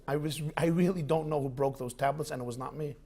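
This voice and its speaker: A man's voice: on the high side, lively intonation, normal speed, breathy edge. A man voicing an earnest young schoolboy who protests his innocence. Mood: pleading.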